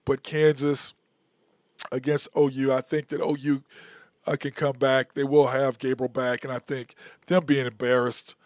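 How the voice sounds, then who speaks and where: A man's voice: mid-range voice, level tone, measured pace, a little mellow, dry recording, clean studio sound. A man hosting a solo live-stream sports talk show, casual and rambling, often repeating himself. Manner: casual, conversational. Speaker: host.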